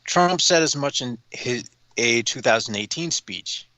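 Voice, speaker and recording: Guy reading the news, bright tense voice, swears a lot, lots of uhs, dry close sound. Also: mid-range voice, lively intonation, moderate pace, no room sound. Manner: profane, sarcastic asides; hesitant, many fillers. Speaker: talk show cohost.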